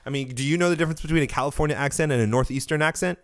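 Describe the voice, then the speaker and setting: A man's voice: on the high side, racing. This is a man hosting a podcast by himself, speaking in a casual, rambling way. He corrects himself mid-phrase and drifts between thoughts. A cold he is getting over has left his throat dry. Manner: rambling, self-correcting, conversational. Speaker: podcast host. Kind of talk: casual solo podcast commentary.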